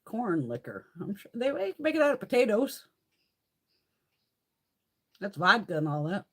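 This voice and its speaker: A woman's voice: medium pitch, big pitch swings, measured pace. A woman casually chatting on a live beauty stream, rambling and swearing a lot. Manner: chatty, laughs often.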